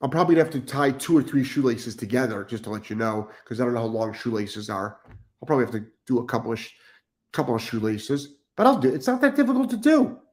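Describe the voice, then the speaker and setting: A man's voice: medium pitch, fast talker. Middle-aged guy ranting about dog training on a stream, blunt, cusses a lot, says stuff twice. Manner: blunt, swears, repeats himself for emphasis. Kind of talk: ranting live stream, reading chat comments.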